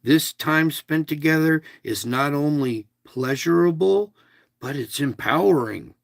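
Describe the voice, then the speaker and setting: A man with a slightly high, gravelly voice reads a devotional at an unhurried pace. He breaks off into casual, chatty asides and leans hard on single words. The sound is dry and close. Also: dry recording. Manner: emphatic, stresses single words. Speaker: online devotional host. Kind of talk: reading a devotional aloud with asides.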